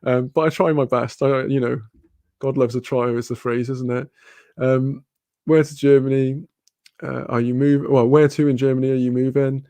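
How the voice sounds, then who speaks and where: A man's voice: medium pitch, little pitch movement, moderate pace, dark tone, no room sound. A man with a British accent chatting casually on a live stream, reading comments aloud, rambling, laughing often and swearing freely.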